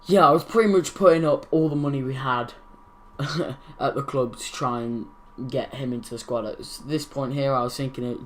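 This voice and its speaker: A man's voice: mid-range voice, normal speed, fairly bright tone, a little hiss or hum. A young man hosting his gaming channel, casually commenting over football game footage, rambling and correcting his own slips.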